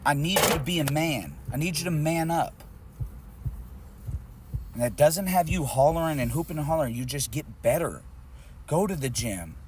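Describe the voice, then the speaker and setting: A man's voice: on the high side, expressive, normal speed, long pauses, a little hiss or hum. A man on a stream, arguing bluntly and scolding with heavy swearing, talking inside a car. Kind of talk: heated casual argument.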